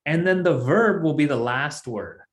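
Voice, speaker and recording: A man's voice: fairly high pitch, expressive, a little slow, echoey room. A man teaching a Sanskrit class, explaining patiently step by step. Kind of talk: online language class.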